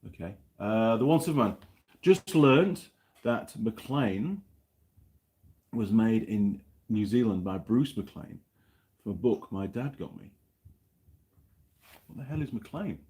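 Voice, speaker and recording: Low-voiced man chatting on a livestream. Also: animated, slow pace, long pauses, mellow. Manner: rambling, reads out viewer comments. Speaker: livestream host. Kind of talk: casual livestream chat. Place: New Zealand.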